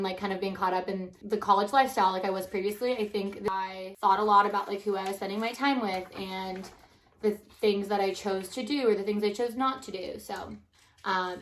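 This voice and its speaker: A young woman in her twenties co-hosting a casual chat channel, speaking in an even tone she calls monotone. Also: mid-range voice, poor audio. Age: 20s. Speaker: co-host.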